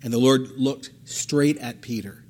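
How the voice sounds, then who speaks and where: A man preaching a sermon, animated and emphatic, repeating phrases and acting out the words of the people in his story. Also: mid-range voice, unhurried, breathy edge. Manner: animated, acts out quotes, emphatic repetition. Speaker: pastor.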